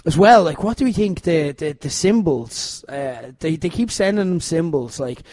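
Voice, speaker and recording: Animated man, high-pitched, dry sound. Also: moderate pace, no echo. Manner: animated, laughs often, mimics characters' voices. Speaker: podcast co-host. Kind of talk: casual chat.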